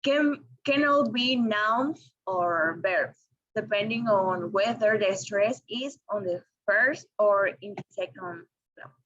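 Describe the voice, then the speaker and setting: Woman, class presentation, slow, hesitant, dull recording. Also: medium pitch, a bit bright. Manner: slow and careful, with frequent ums and restarts.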